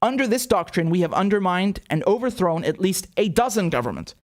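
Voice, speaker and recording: An older man, a politician, delivering a formal prepared speech in a measured, declarative way. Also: sits high, lively intonation.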